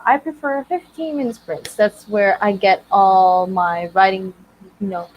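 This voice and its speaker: A woman's voice: mid-range voice, slight background noise, rough recording. A woman in her thirties hosting a casual writing livestream, bubbly and greeting viewers by name. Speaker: livestream host.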